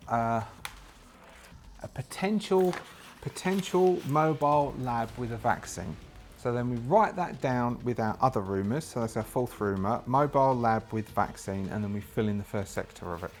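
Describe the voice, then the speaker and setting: Man thinking aloud through a solo game. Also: medium pitch. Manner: thinks aloud, hesitant, many restarts. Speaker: solo game player and narrator. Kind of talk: solo tabletop game narration.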